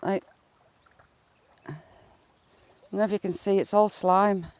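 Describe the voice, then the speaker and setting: A woman's voice: medium pitch, fairly even intonation, measured pace, darkish tone. Chatty woman vlogger, outdoors by a river, phone mic, talks to herself and laughs a lot. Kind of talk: casual walking vlog, chatting to live viewers.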